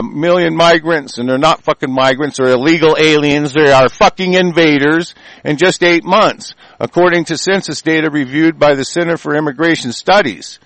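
A man's voice: a little high, creaky, a bit bright, dry recording, rough recording. A man delivering a profane, rambling, emphatic political rant.

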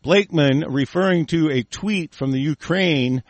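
A man hosting a small talk radio show, ranting with constant swearing, swinging between low muttering and angry bursts. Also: measured pace, dry recording. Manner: profane, shouting in bursts, mumbling asides. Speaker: radio host.

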